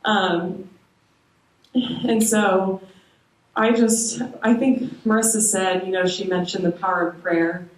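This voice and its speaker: A young woman sharing a personal faith testimony with a small moms' group, hesitant, with frequent ums and soft laughs. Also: mid-range voice, fairly even intonation, takes it slowly, pauses often. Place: church meeting room. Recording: echoey room, voice from far off.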